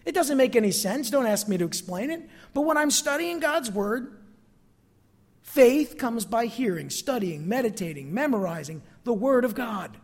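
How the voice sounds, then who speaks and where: A man preaching a sermon as pastor, expressive and calling out to his congregation for amens. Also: extremely high pitch, moderate pace, big-room sound.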